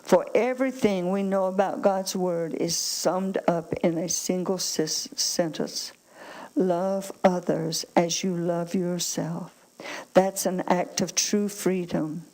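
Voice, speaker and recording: A woman's voice: lowish voice, fairly even intonation, slow, warm tone, low-quality recording. A woman preaching a sermon, calling on the congregation for amens and reading scripture aloud with emphasis. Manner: calls out to the congregation, asks for amens.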